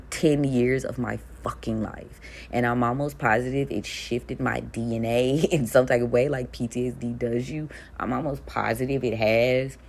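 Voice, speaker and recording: A woman's voice: rumbling low, vocal fry. A woman in her thirties telling her story in a casual monologue, blunt and profane, laughing between lines. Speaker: spiritual content creator.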